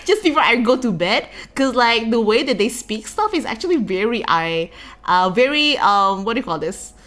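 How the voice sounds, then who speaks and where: A woman's voice: mid-range voice, a bit bright. A young woman from Indonesia with an Indonesian English accent touched by Singlish, chatting casually and giggly as a streamer. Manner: chatty, giggly, lots of fillers. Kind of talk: casual chat.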